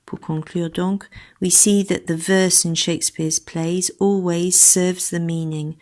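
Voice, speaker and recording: A woman's voice: fairly low pitch, darkish tone. Woman giving teaching guidance. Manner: switches between French instructions and read English model answers. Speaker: teacher trainer. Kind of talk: recorded lesson guidance.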